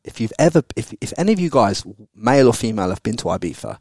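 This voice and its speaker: A man's voice: medium pitch, very animated, quick pace, a little mellow, dry recording, clean studio sound. A man, telling a candid personal story as a podcast guest, blunt and full of swearing. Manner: blunt and sweary, with frequent tag questions.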